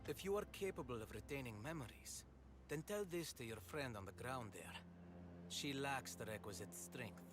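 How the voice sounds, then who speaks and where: A man's voice: mid-range voice, animated, normal speed, over music, lightly acted. A man playing a pompous, theatrical king. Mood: haughty. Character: proud, riddling male king. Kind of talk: video game voice acting.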